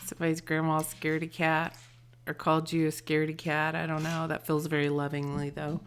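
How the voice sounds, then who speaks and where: A woman giving an intuitive tarot and charm reading, gentle and affectionate, often trailing off into soft murmurs. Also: low voice, completely flat delivery, brisk, slight background noise. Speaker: tarot reader and channeler.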